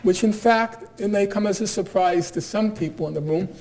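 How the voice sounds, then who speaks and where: A man with a notably high-pitched voice delivers a university lecture. He speaks in a measured, deliberate way, with a dry, sardonic undertone. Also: a little mellow. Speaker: guest lecturer.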